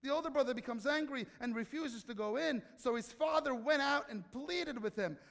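Brief: male pastor, high voice, chatty sermon that keeps asking the congregation questions, reverberant hall. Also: moderate pace, a bit bright. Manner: conversational, questions the audience, acts out quotes.

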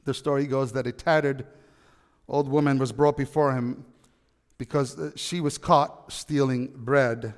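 A man preaching a sermon, telling a story with animated, emphatic peaks. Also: medium pitch, measured pace, big-room sound. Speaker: pastor.

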